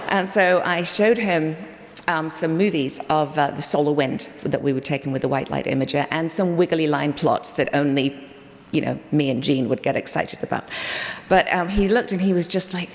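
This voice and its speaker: A woman's voice: sits low, steady tone, a little fast. A woman scientist giving a memorial tribute, telling stories animatedly with quoted dialogue. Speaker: project scientist sharing memories. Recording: long hall reverb.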